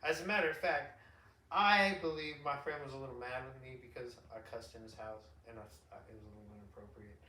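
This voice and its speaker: A middle-aged man hosting a podcast, an animated storyteller who rambles, restarts and laughs often in casual chat. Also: medium pitch, fast talker. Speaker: podcast host. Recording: roomy echo, distant mic.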